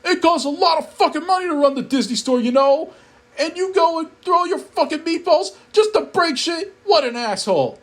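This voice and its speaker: A man voicing a foul-mouthed, furious male skeleton in a shouty, strained high voice. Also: expressive, normal speed, heavily acted.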